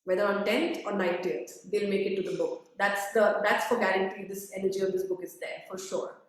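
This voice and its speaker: A woman's voice: medium pitch, flat delivery, fairly quick. A woman hosting a live video interview, effusive and emotional, often repeating herself. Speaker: host. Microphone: video call. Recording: echoey room, far from the mic.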